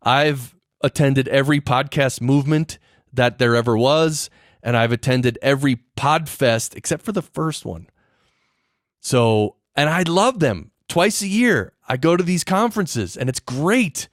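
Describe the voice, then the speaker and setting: A man's voice: mid-range voice, animated, a little slow, no echo. Chatty male podcast host, dry close sound. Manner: conversational and explanatory, with frequent fillers and restarts. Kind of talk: casual solo podcast talk.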